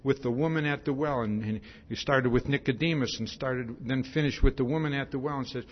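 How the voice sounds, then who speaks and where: This expository Bible sermon comes from a man of medium pitch who talks a little fast. His delivery is emphatic, rising and dropping lively, and he repeatedly asks "see?" to hammer each point. The recording is dull and lo-fi.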